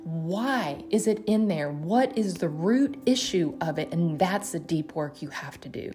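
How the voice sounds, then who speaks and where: A woman preaches with earnest, emotional conviction. Her voice sits on the lower side, and she often slips into heartfelt prayer. Music plays clearly behind her. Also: animated, measured pace, dark tone. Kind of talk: sermon.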